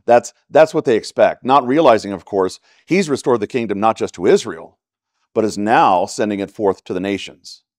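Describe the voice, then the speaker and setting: A man's voice: lowish voice, normal speed, no echo, studio quality. A man with a Texan accent teaching a church Bible study in a conversational way, often checking in with "right?". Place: church classroom.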